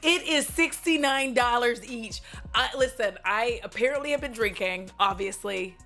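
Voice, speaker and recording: A woman's voice: fairly high pitch, normal speed, pushed and bright, faint music behind. A woman beauty vlogger chatting casually at home about makeup, dramatic and profane, often trailing into little vocal noises. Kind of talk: casual chat reviewing makeup.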